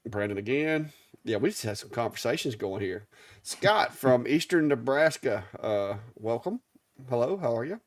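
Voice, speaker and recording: Middle-aged Southern man with an Alabama accent, easygoing live-show co-host, mid pitch, dry and close. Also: darkish tone, no echo. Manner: easygoing drawl, stumbles over names. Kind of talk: casual live-stream chat.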